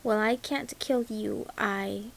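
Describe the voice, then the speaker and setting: A woman's voice: mid-range voice, slow pace, vocal fry, slight background noise, low-quality recording. A woman voicing a furious, grieving female jailer who speaks savagely and bitterly in an audiobook.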